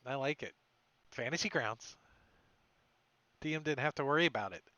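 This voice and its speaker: A man narrating as dungeon master, talking slowly and offhandedly as he moves pieces on a virtual map. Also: medium pitch, pushed and bright, no room sound, low-quality recording. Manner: slow, offhand, thinking aloud while moving tokens. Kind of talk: narrating a tabletop game online.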